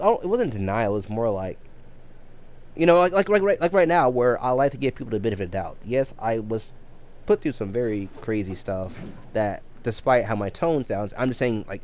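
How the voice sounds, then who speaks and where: A man in his thirties chatting casually on a live game stream, rambling with many restarts and repeated words. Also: medium pitch. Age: 30s.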